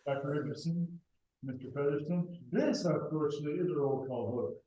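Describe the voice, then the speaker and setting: A man's voice: fairly high pitch, fairly quick, mellow, recorded from a distance. Joking man chairing a meeting. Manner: casual, joking, informal. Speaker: board chairman. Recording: echoey room, slightly dull sound.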